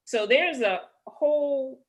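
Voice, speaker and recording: A woman's voice: high-pitched, takes it slowly. A woman guest who explains things in a friendly, matter-of-fact way during a casual chat.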